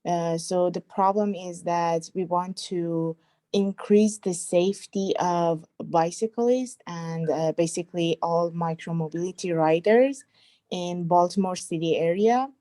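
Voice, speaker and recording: A woman's voice: fairly low pitch, measured pace, mellow. A woman PhD student introducing her team on a video call, hesitant and full of fillers.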